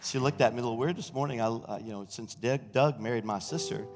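A middle-aged senior pastor, preaching an exuberant sermon and shouting praise in a church sanctuary. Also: male voice, medium pitch, fast, music in the background. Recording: reverberant church hall.

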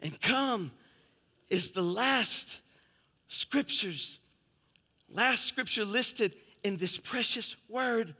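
A man preaching a fervent sermon, swinging between shouted exclamations and hushed, quiet passages. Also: high-pitched, slow, in a large hall. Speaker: pastor.

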